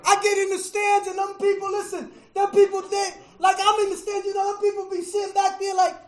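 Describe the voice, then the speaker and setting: A middle-aged man telling his recovery story to a meeting, emotional, with a preacher-like rhythm, going from hushed to shouting and repeating "man.". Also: extremely high pitch, monotone, brisk, echoey room, poor audio. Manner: preacher-like, repeats phrases, says "man" often. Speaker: recovery speaker at a fellowship meeting. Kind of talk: personal testimony to an audience.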